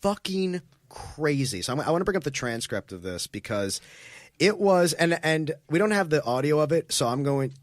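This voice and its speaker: A man's voice: a little high, lively intonation, moderate pace, no room sound. A man co-hosting a casual comedy podcast, talking in a rambling, wry way. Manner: rambling, wry, self-interrupting. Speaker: podcast co-host.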